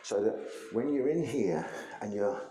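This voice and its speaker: A man's voice: on the low side, expressive, measured pace, dark tone, echoey room, a little hiss or hum, poor audio. A man teaching a martial arts lesson, explaining things conversationally while he demonstrates moves.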